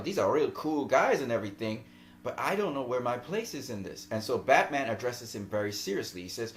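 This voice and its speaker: A man giving casual film commentary in an animated, rambling way and laughing often. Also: mid-range voice, slight background noise. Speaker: movie vlogger.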